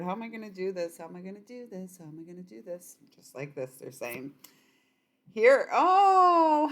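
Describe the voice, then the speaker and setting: A woman giving a spiritual oracle card reading straight to her viewers, in a gentle, affirming and softly encouraging way. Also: mid-range voice.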